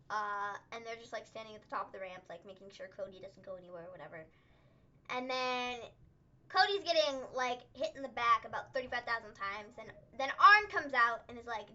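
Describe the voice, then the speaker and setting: A woman co-hosting a casual livestream recap, chatty and excitable, peppering her talk with "like". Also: fairly high pitch, normal speed, lo-fi sound. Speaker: co-host.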